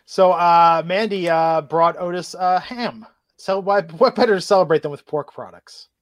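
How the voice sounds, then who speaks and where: A man's voice: sits high, normal speed, no echo, clean studio sound. A man co-hosting a casual wrestling podcast, recapping the night's show with easy asides. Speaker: podcast co-host.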